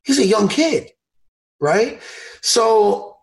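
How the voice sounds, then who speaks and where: A man hosting a podcast in casual chat, excitable and animated, laughing often and acting out what others said. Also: sits high, very slow, creaky. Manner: animated, excitable, laughs a lot, acts out impressions loudly. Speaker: podcast host.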